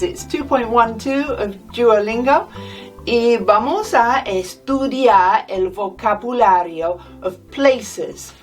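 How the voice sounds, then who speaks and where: An English woman teaching a Spanish lesson, repeating each word slowly and deliberately for practice. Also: medium pitch, expressive, distant mic, soft background music. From England. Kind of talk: slow, deliberate language lesson.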